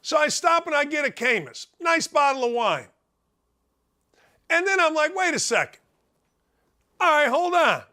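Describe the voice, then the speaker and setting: A middle-aged man hosting a sports talk show, giving a brash, folksy, animated monologue and ribbing his listeners. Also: very high voice, measured pace, long pauses. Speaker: sports radio host.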